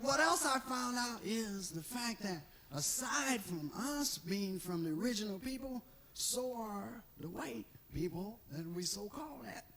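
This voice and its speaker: Lively, high-voiced stand-up comedian. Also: male voice, measured pace, few pauses. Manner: animated, profane, acts out characters. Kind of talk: stand-up storytelling.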